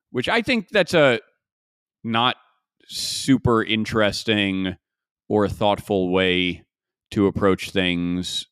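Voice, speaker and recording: A man's voice: deep voice, fairly bright tone, clear, resonant tone, dry recording, clean studio sound. A man hosting a podcast alone, musing in a casual way and asking himself rhetorical questions. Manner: conversational, musing, frequent restarts and rhetorical questions. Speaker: podcast host. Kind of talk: casual solo commentary.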